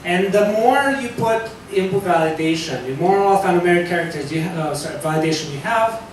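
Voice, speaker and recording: A man's voice: expressive, a little fast. A man giving a live technical talk to a room, loose and conversational, with fillers and self-corrections. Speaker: security talk presenter. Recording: echoey hall from far off, faint rumble.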